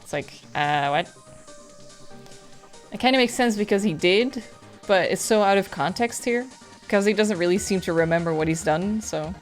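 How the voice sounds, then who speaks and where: A woman's voice: mid-range voice, animated, normal speed. A woman playing through a mystery game, reading its narration and breaking off to chat candidly about the translation. Her talk is casual and loose, with faint music beneath. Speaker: gaming YouTuber. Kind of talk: let's play commentary and narration.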